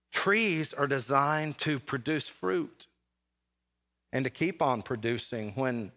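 A man pastor preaching a sermon, with dramatic pauses and big swings between loud and soft. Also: fairly high pitch. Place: church sanctuary.

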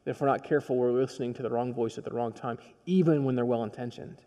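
A male pastor preaching a sermon, telling a story in a personal, conversational way that swings from quiet to emphatic. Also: mid-range voice, fairly even intonation, quick pace, in a large hall, lo-fi sound.

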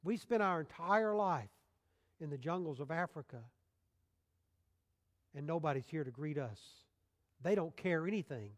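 A man's voice: on the high side, animated, moderate pace, long pauses, close to an everyday voice. A preacher voicing a bitter old missionary man. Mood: aggrieved. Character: bitter retired male missionary, weary and hurt. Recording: long hall reverb.

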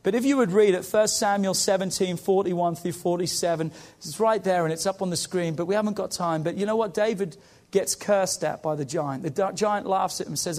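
Guy preaching, high voice, gets loud then drops way down soft, lots of "come on". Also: a little fast. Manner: impassioned, rising and falling preaching with call-outs. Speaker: pastor. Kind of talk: sermon.

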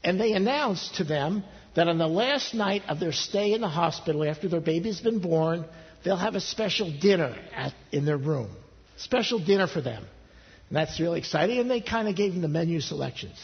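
A man preaching a sermon as pastor, earnest, his pitch rising on pleading questions and dropping low and soft for intimate appeals. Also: lively intonation, brisk. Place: church sanctuary. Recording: husky voice in a long-reverb church hall, dull lo-fi sound.

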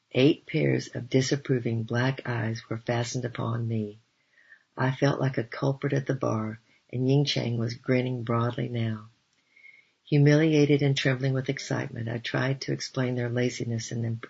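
A man reads a first-person memoir in a very husky voice full of gravelly fry, keeping his pitch flat and level. The recording is dull and lo-fi. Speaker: audiobook reader. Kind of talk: reading a missionary memoir aloud.

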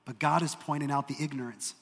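A male pastor preaches in an emphatic, earnest way and slips in dry joking asides. His voice sits a little high for a man, and a long hall reverb trails every phrase. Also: fairly even intonation, fast, fairly bright tone. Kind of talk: sermon.

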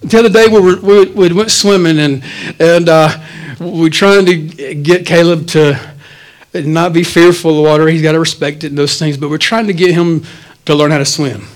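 A man, the pastor, preaching a sermon in a church, swinging between loud, animated stretches and quiet asides. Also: fairly high pitch, moderate pace, low-quality recording.

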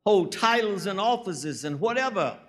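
A man's voice: high-pitched, lively intonation, moderate pace. A man, preaching a sermon as a guest preacher, telling folksy stories and rising into emphatic preaching.

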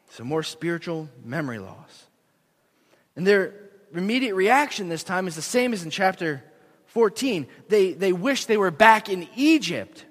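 High-voiced young man preaching in a hall. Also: unhurried. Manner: earnest, animated, self-deprecating. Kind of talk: sermon. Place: church sanctuary. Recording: long echo of a large hall.

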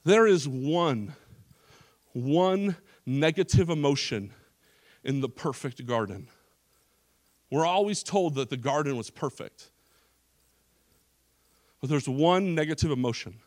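A man's voice: fairly high pitch, lively intonation, slow, pauses often, a little mellow. A male pastor preaching a sermon in a church service, emphatic, with frequent restarts and repeated phrases.

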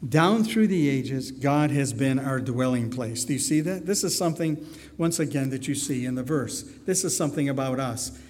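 A man's voice: on the high side, darkish tone. Man preaching in an echoing church. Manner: asks the congregation many questions. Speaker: pastor. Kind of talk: sermon. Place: church sanctuary. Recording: long hall reverb.

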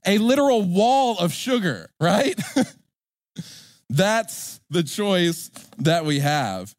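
A pastor preaching a sermon in an animated, joking way, acting out characters. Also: male voice, high voice, very slow, no room sound, clean studio sound.

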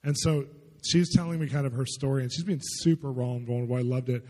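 Fast-talking husky man preaching in a hall. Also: mid-range voice, fairly even intonation, a little mellow. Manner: conversational, chatty, lots of filler "like". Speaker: pastor. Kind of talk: storytelling sermon. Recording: long reverb in a large hall.

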